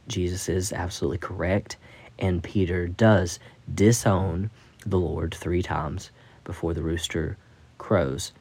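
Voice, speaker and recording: A man's voice: deep voice, darkish tone, slightly rough. A man hosting a Bible study podcast, teaching scripture in a thoughtful, musing way with frequent restarts.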